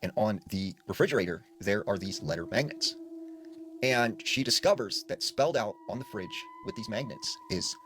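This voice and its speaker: This storyteller's voice is fairly low, with huge swings in pitch, a moderate pace and a somewhat bright tone. He casually retells spooky stories, peppering them with fillers like "like," over a faint hiss or hum.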